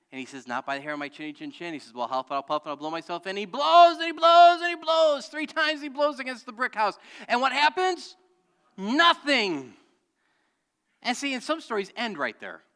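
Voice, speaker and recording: A man with a high, sharp voice preaches a sermon as pastor in a church sanctuary, where the sound fills a big room. He tells a story and calls out to the congregation for answers in a call-and-response style.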